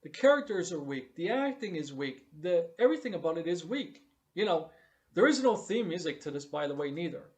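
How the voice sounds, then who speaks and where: A man's voice: on the high side, sing-song, brisk. A man giving a blunt, profane, repetitive review of a TV show during a casual live stream. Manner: blunt, emphatic, profane, repeats himself.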